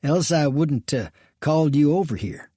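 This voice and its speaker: A man's voice: a little high, expressive, normal speed, mellow, husky, no echo, studio quality, voice pushed up. A man voicing a cheerful, chatty male bartender with folksy speech in an audiobook western.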